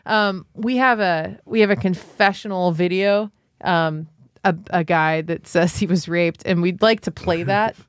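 A woman's voice: lowish voice, no room sound, clean studio sound. A woman co-hosting a comedy podcast, chatting crudely and laughing as she sets up a clip. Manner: crude, laughing, drawn-out delivery. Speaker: podcast co-host. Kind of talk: casual comedic chat.

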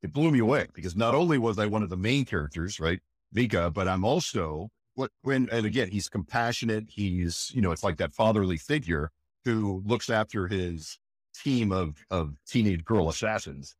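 A man, a voice actor, telling stories in an animated, emphatic way during an interview. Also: fairly low pitch, moderate pace, dry recording, studio quality. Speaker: voice actor guest. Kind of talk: enthusiastic interview chat.

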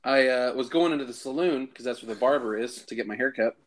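A man's voice: medium pitch, fast. A man co-hosting a casual podcast, telling a game story and acting out the characters' lines. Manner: animated, acts out characters' lines in raised voices. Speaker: podcast co-host.

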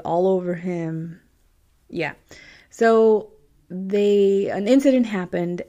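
A woman's voice: mid-range voice, creaky, dark tone. A woman hosts a podcast and reads listener stories in a loose, casual chat. She laughs easily, and she turns tearful over the sad parts. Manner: emotional, laughs often, tearful at times.

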